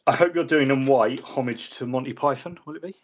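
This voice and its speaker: A man's voice: mid-range voice, brisk. A man hosting a casual hobby livestream in a chatty, joking, rambling way. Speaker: host.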